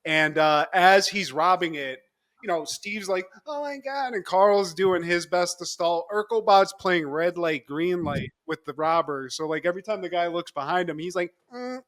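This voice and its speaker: This is a young man on a podcast, recapping a TV episode for his co-host in an easygoing chat. His voice is high and bright, his manner cheerful and animated, and he laughs a lot while quickly impersonating the characters and acting out their quotes.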